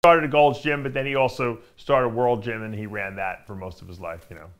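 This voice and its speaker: A man's voice: mid-range voice, steady tone, brisk. A man hosting an interview show, dropping short reactions and pressing his guest with blunt follow-up questions. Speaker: talk show host. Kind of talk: casual interview chat.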